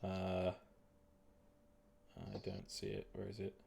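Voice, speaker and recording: A man's voice: sits low, completely flat delivery, takes it slowly, creaky, a little mellow, slight background noise. A man running a tabletop game as game master, upbeat and chatty, laughing often, on a home voice-call mic.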